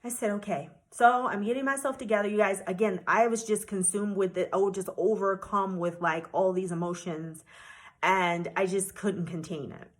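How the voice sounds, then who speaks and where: A woman's voice: mid-range voice, fairly even intonation, moderate pace. An American woman telling an emotional story as a vlogger, indignant and repeating herself. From United States. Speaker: travel vlogger.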